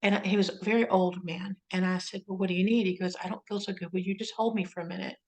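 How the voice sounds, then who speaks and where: A woman hosting an interview, speaking gently and consolingly to her guest. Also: lowish voice, flat delivery, fast talker, low-quality recording. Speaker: interview host. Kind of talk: interview conversation.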